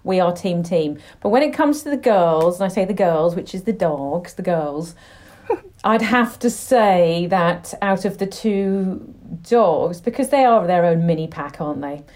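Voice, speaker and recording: Middle-aged woman, lowish voice, chatty and animated, casual guest. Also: unhurried. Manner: chatty, animated storyteller, acts out her dogs' voices. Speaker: podcast guest. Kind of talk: casual chat.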